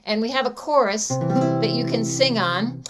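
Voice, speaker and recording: Woman, song leader, chatty, lots of ums, high pitch, video call, strong guitar music behind. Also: unhurried.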